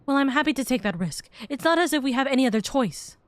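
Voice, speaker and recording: A woman voicing a determined young woman healer who speaks resolutely, her voice hoarse. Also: high-pitched, expressive. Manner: resolute, brisk.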